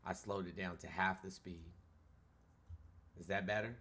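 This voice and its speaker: Deep-voiced man, laid-back questions. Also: steady tone, normal speed, bright, forceful tone, husky. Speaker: stream host. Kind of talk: live stream debate.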